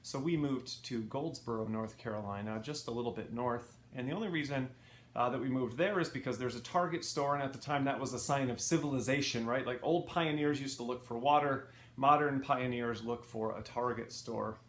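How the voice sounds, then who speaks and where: A man's voice: mid-range voice, a little fast, a little hiss or hum. A middle-aged man with a neutral Midwestern American accent telling a funny personal story with dry, wry asides. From Midwest, United States. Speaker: speaker, former college professor. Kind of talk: storytelling talk. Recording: echoey room with faint ambience.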